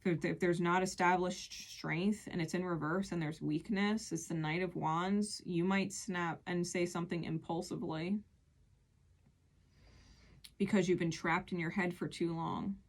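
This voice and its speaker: A woman's voice: on the low side, steady tone, measured pace. Earnest woman giving a tarot reading. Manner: earnest, emphatic, repeats phrases. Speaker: tarot reader.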